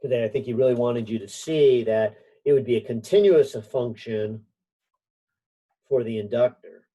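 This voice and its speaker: A man's voice: medium pitch, moderate pace, mellow, rough recording. A man teaching a physics help session over a video call, thinking aloud with lots of fillers and a few light jokes. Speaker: physics instructor. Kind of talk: online class help session.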